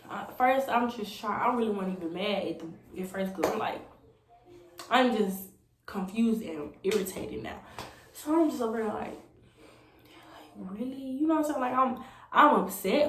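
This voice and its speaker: A young woman tells a rambling story in a casual vlog, with lots of "like" and "you know.". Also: medium pitch. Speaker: vlogger. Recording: echoey room with faint noise.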